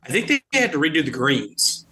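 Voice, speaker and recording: A man's voice: a little high, big pitch swings, a little fast, bright, forceful tone, breathy edge. A man co-hosting a podcast in casual, teasing conversation. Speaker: podcast co-host. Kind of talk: casual chat.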